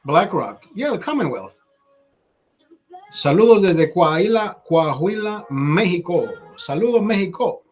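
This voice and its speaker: A man's voice: sits high, very animated, a little slow. A man from Honduras hosting a casual livestream, ranting with heavy profanity and switching between English and Spanish. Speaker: livestream host. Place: Los Angeles, California.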